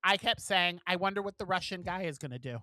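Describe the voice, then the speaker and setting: A man's voice: high-pitched, quick pace, bright, forceful tone, no echo. A man co-hosting a casual podcast, chatting loosely and swearing freely as he recaps a show. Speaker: podcast co-host. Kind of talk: casual chat.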